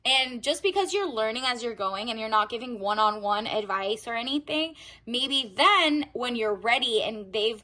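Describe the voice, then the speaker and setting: A woman's voice: a little high, animated, normal speed, few pauses, bright, forceful tone. A woman giving a casual tarot reading, chatty and rambling with lots of filler words. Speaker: tarot reader.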